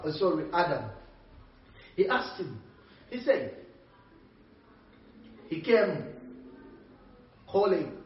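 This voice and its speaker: High, lively man preaching in an echoey room. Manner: animated, calls out to the congregation, laughs between points. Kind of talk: sermon. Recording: dull, echoey, distant mic.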